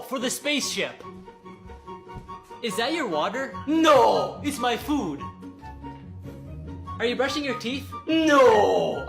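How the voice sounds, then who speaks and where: A woman performing quick comedy skits, delivering deadpan punchlines. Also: fairly high pitch. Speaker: skit comedian.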